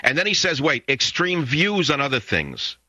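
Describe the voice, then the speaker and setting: An older man in his sixties hosts a talk radio show, hurling indignant, taunting insults again and again. His voice is very bright and hard-edged. The studio sound is close and dry. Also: a little high, very animated, moderate pace, dry recording. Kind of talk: angry radio monologue. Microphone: studio microphone.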